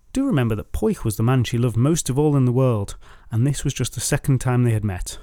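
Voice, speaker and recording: A man's voice: mid-range voice, lively intonation, fairly quick, few pauses, warm tone, dry recording. A male storyteller narrates an old legend in a wry, sardonic tone, with an ordinary mid-range voice. He slips dry asides into the telling. The recording is close and dry. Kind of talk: comic myth retelling.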